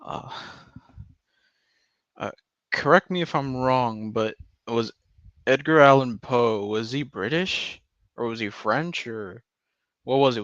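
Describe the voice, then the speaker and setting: A young man talks slowly and loosely to his stream, drifting between thoughts with plenty of swearing and sudden loud laughs. His voice sits at an ordinary pitch. The audio is dry and a little muffled. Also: no echo. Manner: rambling, profane, bursts into loud laughter. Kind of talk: casual rambling chat.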